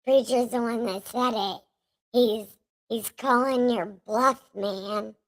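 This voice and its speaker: A woman's voice: fairly high pitch, fairly even intonation, slow. A woman hosting a livestream in casual chat, joking and laughing often. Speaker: livestream host.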